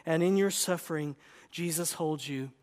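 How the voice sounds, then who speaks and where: A man's voice: fairly high pitch, normal speed, darkish tone. A man preaching a sermon as pastor, emphatic and impassioned, in a church. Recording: long reverb of a large hall.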